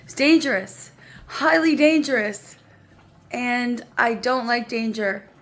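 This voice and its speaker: A woman's voice: on the high side, slow. A woman vlogging from her home kitchen while baking, chatty and playful, laughing often. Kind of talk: casual kitchen vlog.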